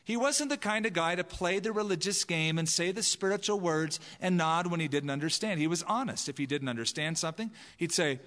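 A man preaches in a relaxed, conversational way, slipping into the voices of the people he quotes. His voice sits fairly high for a man. The sound carries the long reverb of a large church hall. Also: fairly quick, few pauses. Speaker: pastor. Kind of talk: sermon.

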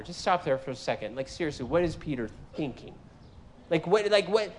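A man preaching a sermon in an animated, joking way, acting out voices from the scripture he reads. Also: a little high, normal speed, a little hiss or hum. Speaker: guest preacher.

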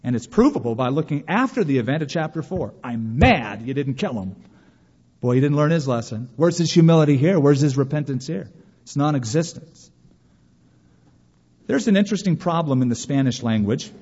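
A man preaches a lively sermon in a large hall. His voice sits a little high and rings out with a long reverb, and the sound is a bit dull and muffled. He slips into mocking, whiny voices to make a point. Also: fairly quick, breathy edge. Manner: animated preaching, mimics whiny voices for emphasis. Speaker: pastor.

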